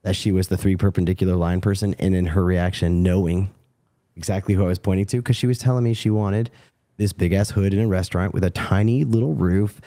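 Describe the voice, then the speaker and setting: A man's voice: deep voice, steady tone, brisk, dark tone. A man hosting a podcast in a rambling, profane and self-deprecating way. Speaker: podcast host. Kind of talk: casual podcast chat.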